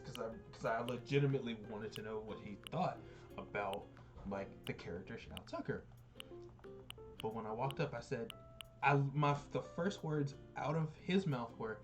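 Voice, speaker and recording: A woman's voice: rumbling low, a little fast, over music. A woman hosting a game livestream, telling stories in casual chat and laughing often. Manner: animated storytelling, laughs often. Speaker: livestream host.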